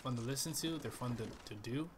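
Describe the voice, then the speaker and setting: A man's voice: mid-range voice, a little fast, background noise. A man giving profane, trash-talking live commentary over a shooter game he is playing. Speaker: gaming channel host.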